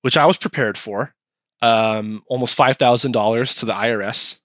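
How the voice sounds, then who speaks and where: A man's voice: medium pitch, moderate pace, no echo. A man hosting a podcast, ranting casually with lots of swearing and mocking asides. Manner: animated, profane, mocking. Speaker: podcast host.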